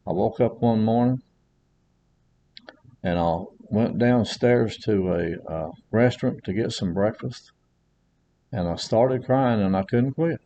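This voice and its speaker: A man's voice: on the low side, takes it slowly, long pauses, mellow, lo-fi sound, slight background noise. A man preaching a sermon, earnest and repetitive, mixing scripture with personal stories.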